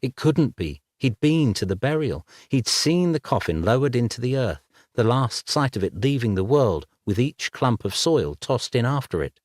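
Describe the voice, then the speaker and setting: A man reading a dark fantasy novel aloud as scripted narration, in a measured, even way. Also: fairly low pitch, no room sound, clean studio sound. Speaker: audiobook narrator.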